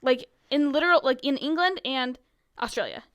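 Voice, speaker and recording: A woman's voice: high-pitched, moderate pace, dry recording. A young American woman co-hosting a podcast, chatting casually with lots of giggles. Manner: giggly, animated storyteller. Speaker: podcast co-host. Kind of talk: casual chat.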